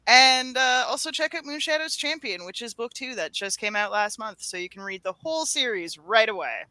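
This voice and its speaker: A woman's voice: fairly high pitch, lively intonation, brisk, bright, forceful tone, no room sound, low-quality recording. A woman author on a panel, chatting in an upbeat, enthusiastic way over a video call. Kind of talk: casual panel chat.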